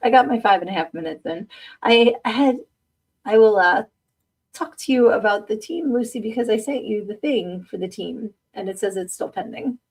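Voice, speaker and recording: A woman's voice: medium pitch, expressive, normal speed, breathy edge. Chatty middle-aged woman, slightly distant mic. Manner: rambling, chatty, laughs often at herself. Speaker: podcast host. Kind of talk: casual livestream chat, reading viewer comments aloud.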